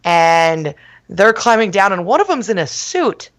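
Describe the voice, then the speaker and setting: A woman's voice: medium pitch, unhurried. A woman chats on a podcast and tells a story with lots of energy. She acts out the people in the tale and laughs as she goes. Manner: animated storyteller, laughs and shouts quotes. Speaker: podcast co-host. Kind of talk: casual chat, storytelling.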